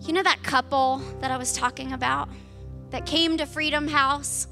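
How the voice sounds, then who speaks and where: A woman's voice: high voice, fairly even intonation, normal speed, creaky, pushed and bright, soft background music. A woman in her thirties preaching a sermon, telling a personal story that builds to impassioned emphasis. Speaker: pastor.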